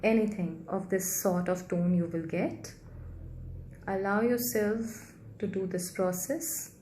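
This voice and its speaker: Soft-spoken woman guiding a meditation, roomy. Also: mid-range voice. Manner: soft, gentle, slow and repetitive. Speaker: healing meditation guide. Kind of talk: guided meditation. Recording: roomy echo with faint background hiss.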